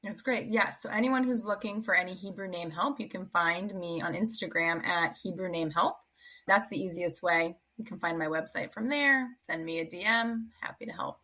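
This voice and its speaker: A woman's voice: on the low side, normal speed, sharp tone, poor audio. A woman in her thirties, a Jewish educator, chatting casually as a podcast guest with lots of filler words. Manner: chatty, many "like" and "you know" fillers.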